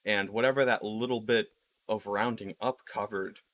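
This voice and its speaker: A man's voice: on the low side, steady tone, normal speed, a bit bright. A man ranting casually while playing a game, rambling with lots of fillers and swearing. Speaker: video creator. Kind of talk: casual rant while gaming.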